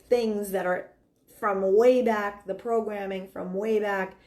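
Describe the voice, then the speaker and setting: A woman's voice: fairly low pitch, a little mellow. A middle-aged woman giving dating advice in a casual, earnest monologue, talking with lots of likes and ums. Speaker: dating coach.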